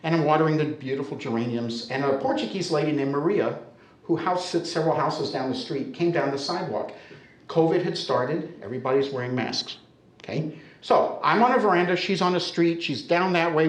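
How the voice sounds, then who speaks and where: An American man telling a humorous story live to an audience, in a conversational, animated way, often checking in with his listeners. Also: fairly high pitch, normal speed. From United States. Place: storytelling center, indoor stage. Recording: roomy echo of a hall.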